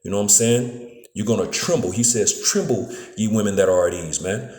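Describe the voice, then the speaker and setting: A man's voice: lowish voice, fairly quick, a little mellow, reverberant. A man giving a casual, phone-recorded scripture lesson, filling his talk with "man" and "you know what I'm saying" and stumbling over repeated words. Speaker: preacher. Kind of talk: street-style scripture lesson.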